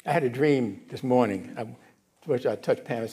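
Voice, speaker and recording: In a church sanctuary, a middle-aged male minister with a medium-pitched voice preaches a conversational sermon at a fairly quick pace. He's casual and animated, often asking the congregation if they follow.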